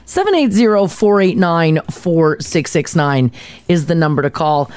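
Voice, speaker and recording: Animated woman co-hosting a morning show. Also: lowish voice, unhurried. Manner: lively, animated storytelling. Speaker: radio show co-host. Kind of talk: casual morning show chat.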